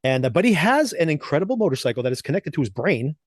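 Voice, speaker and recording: A man's voice: a little high, sing-song, fast talker, dry recording. A man co-hosting a podcast, chatting casually as he recaps and reviews TV episodes, laughing often between thoughts. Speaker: podcast co-host.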